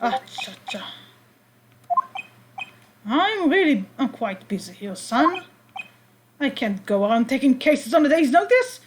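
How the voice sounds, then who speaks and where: A woman's voice: high-pitched, big pitch swings, a little slow, pauses often, a little hiss or hum. A woman with an Israeli accent voicing a pompous, blustering older male lawyer from a game. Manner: blustering, evasive and grand.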